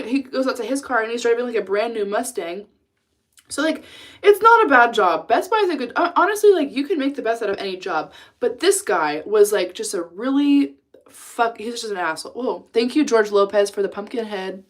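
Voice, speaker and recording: A woman's voice: fairly high pitch, animated, a little fast, a bit bright. A young woman chatting casually on a livestream, venting, swearing freely and answering chat.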